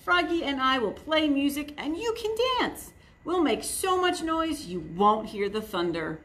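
A woman doing Goose, a bold high-pitched goose. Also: very animated, a little slow, a bit bright, exaggerated voice. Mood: confident. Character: bold, lively young goose.

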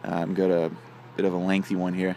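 Man, casual joke-telling, low voice, rambling with fillers, faint noise behind. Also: completely flat delivery, quick pace, warm tone. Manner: rambling, filler-heavy delivery.

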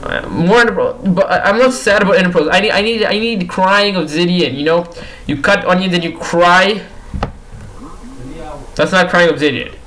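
A young gaming YouTuber with a high, pushed, bright voice comments casually at a moderate pace on a rough recording. He pleads with and teases the on-screen characters, repeating himself in exasperation.

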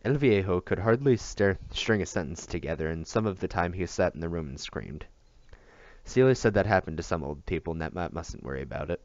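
Deep, gravelly man reading a novel. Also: expressive, a little fast, a little mellow, dry recording, dull audio. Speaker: audiobook reader.

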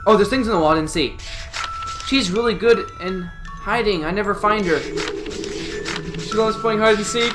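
A man commentating on a horror game, jumpy and swearing, shouting at the screen. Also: sits high, a little slow, long pauses. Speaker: gameplay streamer. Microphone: desk mic with facecam. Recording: game music behind the voice.

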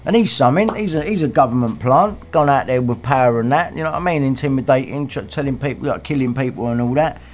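A man's voice: medium pitch, a little mellow. A man hosting a livestream, ranting angrily in a profane, abusive way. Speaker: livestream host. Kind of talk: casual rant.

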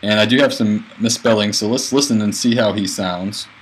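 Low-voiced male teacher screencasting. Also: fairly even intonation, a little hiss or hum, rough recording. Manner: plain, a bit halting, narrating his clicks. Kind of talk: screencast tutorial.

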